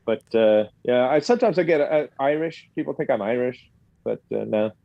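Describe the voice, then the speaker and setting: A man's voice: mid-range voice, moderate pace, gravelly, dry recording, lo-fi sound. A man with a non-regional English accent, a podcast guest, talking casually with many fillers and restarts. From England. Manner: rambling, hesitant, with many fillers.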